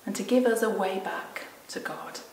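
A woman leading a Sunday school, reading a story aloud to children and then explaining it, mostly gentle and quiet. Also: medium pitch, normal speed, creaky, a little hiss or hum. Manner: gentle and mostly quiet, lively in the exciting parts. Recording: roomy echo from a distant mic.

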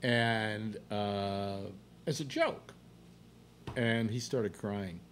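A man's voice: lowish voice, drawn-out words, fairly bright tone, a little hiss or hum. A man hosting a casual panel chat, blunt and wisecracking. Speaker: host.

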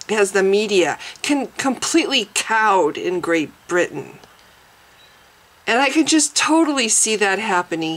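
Woman vlogger, mid-pitched, indignant reaction rant with swearing and halting restarts. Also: a bit bright, rough recording.

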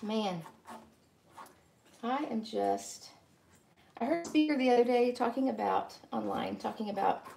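A woman's voice: fairly high pitch, lively intonation, a little slow, vocal fry, pauses often. A middle-aged woman, chatting casually and rambling to live-stream viewers while teaching painting.

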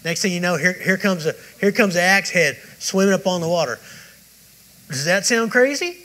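A man's voice: sits high, lively intonation, moderate pace, pushed and bright, rough recording. A male preacher giving a rambling, conversational sermon that mixes in his own testimony at a church service. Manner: rambling, conversational storytelling with many restarts.

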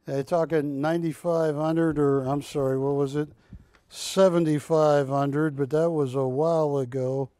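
Slow-talking joking male shopping host. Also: fairly high pitch, fairly even intonation, mellow, no room sound. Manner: joking, drawn-out salesman patter. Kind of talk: live sales pitch. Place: TV studio.

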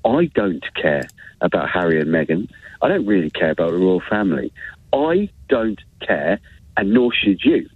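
A male caller comes through a thin, tinny phone line, his voice husky and slightly low. He talks with big swoops in pitch and a mocking, emphatic edge. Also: sing-song, normal speed, dry recording. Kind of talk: phone-in call.

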